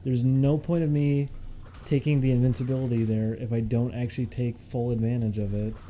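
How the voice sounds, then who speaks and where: A man streaming a video game, chatting casually, jokey and quick to swear at the game. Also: medium pitch, flat delivery, warm tone, slight background noise. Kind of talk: casual gameplay commentary.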